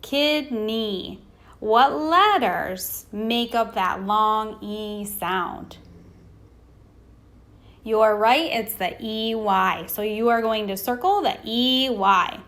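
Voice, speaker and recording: A woman with a fairly high voice teaches a recorded phonics lesson to young children. She speaks slowly and sounds out each word piece by piece. She asks a question, then pauses patiently for the answer. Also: fairly bright tone. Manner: slow, sounding out words letter by letter.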